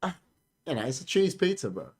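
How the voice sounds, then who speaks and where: A man's voice: a little high, sing-song, brisk, husky. A young Australian man co-hosting a casual podcast chat, talking emphatically and ending boasts with "bro". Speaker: podcast co-host.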